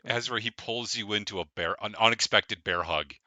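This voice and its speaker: Male game master, low and punchy, rambling friendly narration. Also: normal speed, sharp tone, dry recording. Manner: loose, filler-heavy narration with laughs.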